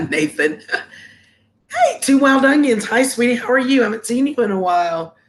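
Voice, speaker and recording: A woman's voice: fairly high pitch, animated, a little fast, slight background noise. Congested woman chatting on a livestream. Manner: chatty, greets viewers with endearments. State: congested and sniffly with a cough. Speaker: live stream host. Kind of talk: casual live stream chat. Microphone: laptop microphone.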